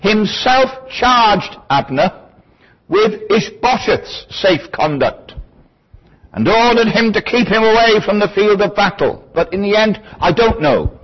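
Male Bible teacher, husky and animated, digressive lecturing style, dull lo-fi recording. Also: high-pitched, slow. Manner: thoughtful, digressive, lecturing with asides.

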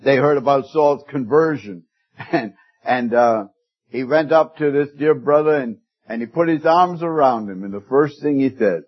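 Husky-voiced man preaching a sermon, lo-fi. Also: medium pitch, normal speed. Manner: folksy storytelling with rising emphasis and hushed quoted lines.

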